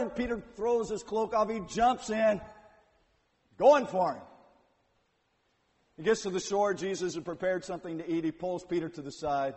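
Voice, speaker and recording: A man preaching a sermon, retelling scripture with dramatic swings from hushed to loud. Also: sits high, moderate pace. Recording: long hall reverb.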